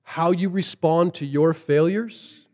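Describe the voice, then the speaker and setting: A man preaching a sermon as a pastor, shifting from lively storytelling to hushed, earnest emphasis. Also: fairly high pitch, slow.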